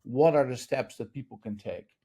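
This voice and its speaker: A man's voice: medium pitch, normal speed, mellow. A man hosting a podcast interview, asking conversational follow-up questions. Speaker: podcast host.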